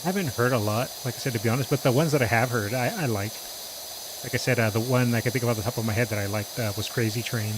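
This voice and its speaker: Guy streaming a game, just rambling w lots of uhs, loud hiss in the background. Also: mid-range voice. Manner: rambling, chatty, frequent filler pauses. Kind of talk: casual gameplay commentary.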